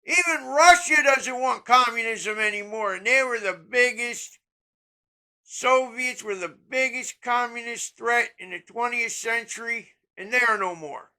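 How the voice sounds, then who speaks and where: A middle-aged commentator delivering a heated, profane political rant, often breaking into shouts. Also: mid-range voice, a little slow, rough recording.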